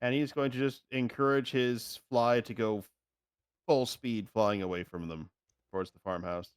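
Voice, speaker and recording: A man's voice: mid-range voice, fairly even intonation, moderate pace, clean tone. A man playing a tabletop game, telling jokes and stories in casual chat. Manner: joking storyteller. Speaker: player.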